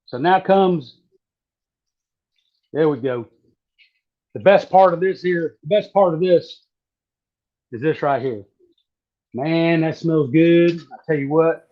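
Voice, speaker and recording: A man from southeastern Virginia, chatting casually while demonstrating how to fry catfish. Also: on the high side. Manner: folksy, relaxed, drawling. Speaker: cooking guest. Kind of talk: casual cooking demo on a live stream. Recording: dull lo-fi stream audio.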